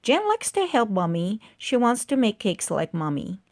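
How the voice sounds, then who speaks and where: A woman reading a children's book aloud, slow and careful, with small slips. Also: medium pitch, very animated, darkish tone. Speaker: reader.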